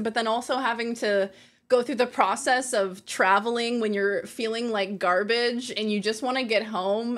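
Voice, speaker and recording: A woman's voice: fairly high pitch, fairly bright tone. Chatty, laughing woman streamer. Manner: chatty, laughs often, reads chat aloud. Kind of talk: casual chat with viewers.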